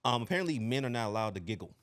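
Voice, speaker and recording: A man co-hosting a podcast, playful and expressive as he reads out list items in casual chat. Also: medium pitch, racing. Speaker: podcast co-host.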